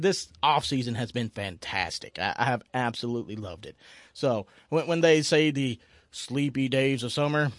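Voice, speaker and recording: A man hosting a casual sports chat, excitable, laughing often and stumbling over repeated words. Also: mid-range voice, dry recording. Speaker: sports talk host.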